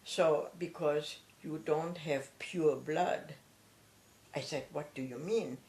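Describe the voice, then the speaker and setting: An older woman from Germany, recounting her own memories in a halting, reflective way with frequent pauses and fillers. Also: sits low, darkish tone, reverberant. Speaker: author and retired professor. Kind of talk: personal recollection.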